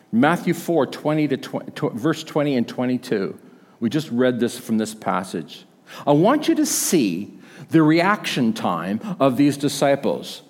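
A male pastor preaching a sermon in a conversational, emphatic storytelling manner. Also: medium pitch. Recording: long hall reverb.

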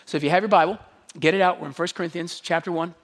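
A man preaching a sermon as pastor, animated and dramatizing his points with quick voiced asides. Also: high-pitched, big-room sound.

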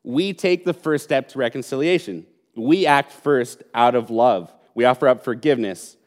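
Earnest male preacher. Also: mid-range voice. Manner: earnest, emphatic preaching with pauses and repetition. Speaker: pastor. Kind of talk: sermon.

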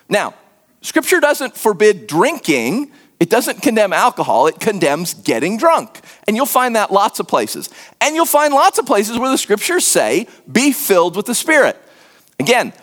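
Animated American pastor preaching. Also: male voice, high voice. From United States. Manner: conversational, animated, self-deprecating humor. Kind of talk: sermon.

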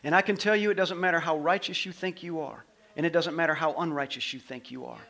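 High-voiced man preaching a sermon. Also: fairly even intonation, fast talker, creaky. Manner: storytelling preacher, swings from loud to hushed. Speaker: pastor.

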